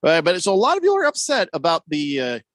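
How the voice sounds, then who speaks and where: Man, sports radio host, rambling, jokey, high-ish, very animated pitch. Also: quick pace, dry recording. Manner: rambling, jokey, lots of fillers. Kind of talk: casual sports talk. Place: radio studio.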